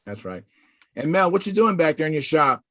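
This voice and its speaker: A man's voice: a little high, big pitch swings, brisk, a bit bright, dry recording. A man hosting a casual video call hangout, chatty and welcoming as people join.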